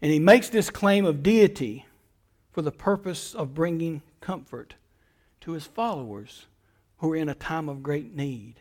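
A middle-aged male pastor with a high voice delivers a sermon. He builds his points through emphatic repeated phrases. He rises to forceful appeals, then drops to quiet, hushed words. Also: normal speed.

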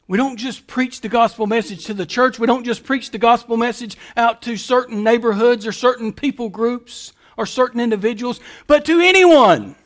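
A man preaching a sermon, moving between quiet, explanatory passages and loud, emphatic calls. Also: very high voice, moderate pace, hardly any pauses. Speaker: pastor.

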